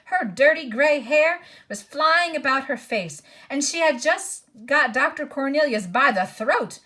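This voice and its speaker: Narrating lady reading a kids' fantasy book, bit high pitched. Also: lively intonation, unhurried, pushed and bright. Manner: voices each character, aside comments to listener. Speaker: audiobook reader. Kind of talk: storybook read-aloud.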